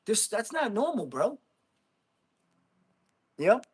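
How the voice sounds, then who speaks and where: A man's voice: sits high, big pitch swings, slow pace, husky. A middle-aged man hosting a casual livestream, bluntly chatting with viewers and calling them bro. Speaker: livestream host. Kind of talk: casual livestream chat, reading comments.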